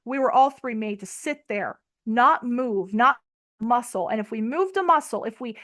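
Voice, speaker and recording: A young adult woman with a high voice tells her story in an interview. She sounds tearful and urgent, pressing each point with emphasis. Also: fairly bright tone. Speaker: interview guest. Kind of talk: emotional personal testimony.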